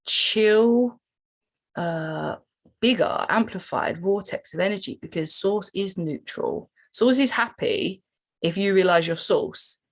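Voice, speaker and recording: A woman coaching listeners through a journaling exercise in a casual, animated way, full of fillers and sudden rises in pitch. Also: slow. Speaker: spiritual coach. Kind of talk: casual teaching walkthrough.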